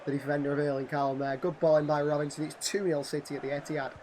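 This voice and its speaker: Hoarse man calling game goals. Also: fairly high pitch, very fast, a little hiss or hum. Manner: excitable play-by-play, bursts of shouting at goals. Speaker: gaming channel host. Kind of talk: game commentary.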